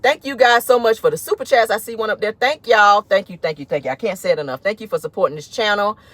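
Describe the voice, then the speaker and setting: A woman streaming celebrity gossip from her car, sassy and animated, calling her viewers honey and child. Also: medium pitch, fast, dry recording. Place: inside a car.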